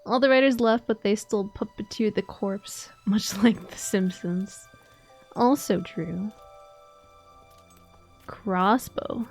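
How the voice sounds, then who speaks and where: A woman's voice: mid-range voice, slow, long pauses, a little mellow, soft background music. A woman streaming a game, chatting playfully and rambling as she plays. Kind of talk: casual gameplay chat.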